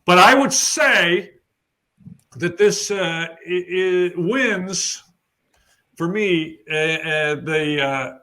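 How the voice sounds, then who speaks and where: A man from Kentucky with a Kentucky accent, a podcast host chatting casually in a halting way. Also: high voice, sharp tone. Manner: halting, many fillers and restarts.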